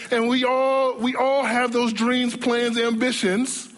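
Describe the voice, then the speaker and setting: A man preaching a sermon as a pastor, animated, acting out the whining voices of his congregation. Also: very high-pitched, takes it slowly, few pauses. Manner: animated, acts out imagined voices of churchgoers.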